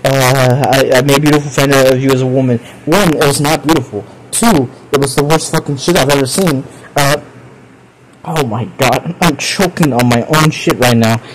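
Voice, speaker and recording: A man's voice: medium pitch, moderate pace, a little hiss or hum, low-quality recording. A young man streaming live, reacting to chat confessions in a profane, exasperated way with frequent laughter. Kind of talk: casual live stream commentary.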